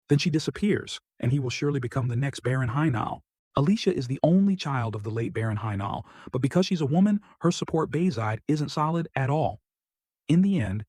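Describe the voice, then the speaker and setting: Male narrator, scripted story recap, even steady reading, husky voice, dry close recording. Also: medium pitch, no room sound.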